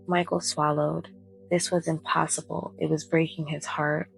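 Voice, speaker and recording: A woman narrating a bedtime story in a soft, calm voice. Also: low-pitched, moderate pace, vocal fry, soft background music, rough recording. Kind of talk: soft-spoken bedtime reading.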